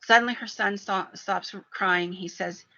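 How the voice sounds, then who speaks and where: A woman hosting a paranormal podcast, retelling a frightening story in an animated way. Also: medium pitch, measured pace. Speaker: podcast host. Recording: dull lo-fi sound.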